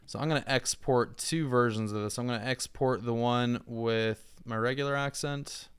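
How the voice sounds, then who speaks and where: A man's voice: mid-range voice, normal speed, smooth. A man chatting casually on a livestream, rambling and thinking aloud as he edits audio. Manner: relaxed, rambling, thinking aloud while editing. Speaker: streamer, content creator.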